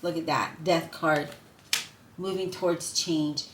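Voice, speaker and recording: A woman's voice: low voice, slow. A woman giving a casual spoken tarot reading, effusive and emotional, who keeps asking "right?" and calling her viewers "you guys". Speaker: tarot reader. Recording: echoey room with steady noise.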